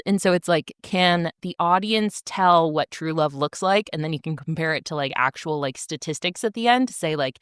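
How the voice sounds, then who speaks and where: With a low-leaning, clean-toned voice, a woman co-hosts a podcast, chatting casually and enthusiastically with plenty of filler words. The recording is dry and clean, studio-made.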